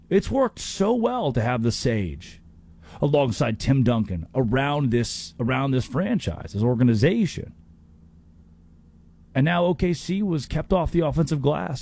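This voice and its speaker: A man hosting a sports talk show, delivering animated, opinionated commentary with quick restarts. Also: mid-range voice.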